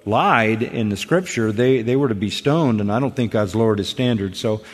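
A man's voice: lowish voice, normal speed, breathy edge. Earnest, emphatic man in a reverberant room. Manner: earnest, emphatic, repeats words when starting. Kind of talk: conversational radio discussion.

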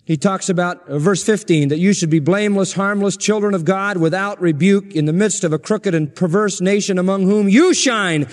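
Emphatic high-voiced male preacher, long reverb. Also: fairly quick, hardly any pauses. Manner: emphatic, insistent preaching with repeated phrases. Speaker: pastor. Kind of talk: sermon.

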